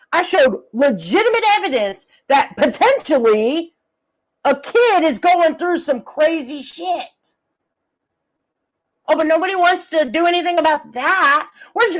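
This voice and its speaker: A woman's voice: sits high, rough recording. A woman streamer giving a heated, profane, confrontational rant full of rhetorical questions. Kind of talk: angry drama commentary rant.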